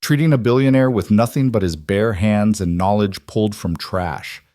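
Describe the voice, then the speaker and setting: A man narrating a scripted story in a steady, even delivery. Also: deep voice, no echo, studio quality.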